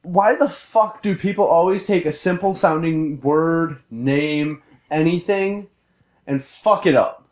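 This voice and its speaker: A man ranting in casual chat with friends, profane and animated. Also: a little high, slow pace, reverberant.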